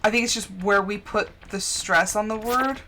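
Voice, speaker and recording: A woman's voice: medium pitch, normal speed, sharp tone, a little hiss or hum. An American woman streaming a video game, chatting casually and giggly, with lots of "like". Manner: chatty and giggly, heavy use of "like". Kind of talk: casual livestream chat.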